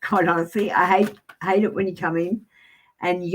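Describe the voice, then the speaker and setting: A woman's voice: fairly low pitch, fairly even intonation, normal speed, a little hiss or hum. A woman with an Australian accent giving a live tarot card reading, chatting to viewers and reading card meanings aloud from a book. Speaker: tarot reader.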